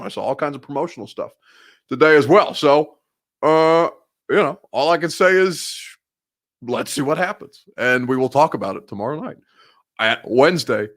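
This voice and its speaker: Rambling, laughing sports show host. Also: male voice, fairly high pitch, fairly bright tone. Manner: rambling, self-mocking, laughs often. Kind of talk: casual live show banter.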